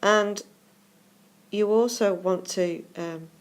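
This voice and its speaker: Casting note: woman teacher, mid-pitched, patient and methodical, slows and leans on key words while explaining exam answers.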